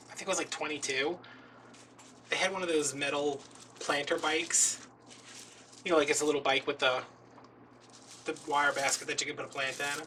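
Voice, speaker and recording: Man, rambling casual chat, very bright voice, distant mic, faint background noise. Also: mid-range voice. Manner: chatty, self-deprecating storytelling. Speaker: craft video host.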